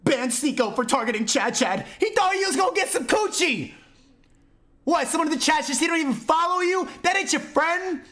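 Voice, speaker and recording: A man streaming live, ranting and mocking at his chat with loud, profane outbursts. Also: extremely high pitch, expressive, brisk. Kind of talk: livestream rant to chat.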